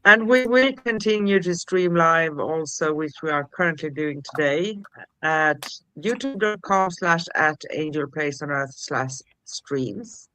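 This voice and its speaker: Woman, spiritual show co-host, unhurried, soothing delivery, bright tone. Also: deep voice, dry recording, poor audio. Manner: gentle, soothing, reads affirmations slowly. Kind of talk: spiritual livestream chat.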